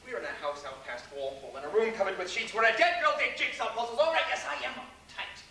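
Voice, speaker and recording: A young actor playing a dry, suspicious young lawyer, recorded on stage from far off in an echoey hall. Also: male voice, a little high, big pitch swings, normal speed, bright, forceful tone. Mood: wry. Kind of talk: community theatre acting.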